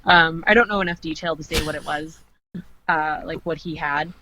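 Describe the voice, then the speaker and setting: A woman's voice: low-pitched, fairly even intonation, normal speed, crowd noise, rough recording. A Canadian woman chatting casually as a podcast guest, with plenty of fillers and laughs.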